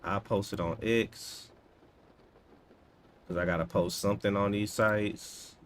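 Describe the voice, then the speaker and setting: Man, 30s, coding streamer; low-pitched, unhurried, laid-back asides over faint noise. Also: steady tone. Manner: laid-back, talks to himself, drawn-out slangy asides. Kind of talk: casual live-stream chat while coding.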